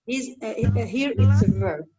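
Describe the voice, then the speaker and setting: A woman student in an English class, speaking hesitantly and pausing with fillers as she searches for words. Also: mid-range voice, animated, dull audio, over music.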